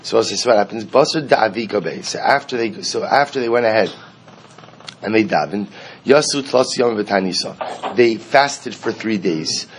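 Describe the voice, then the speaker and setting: Man, low-ish voice, Talmud class teacher, chants the text then explains it, faint hum behind. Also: normal speed. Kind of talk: daily Talmud page class.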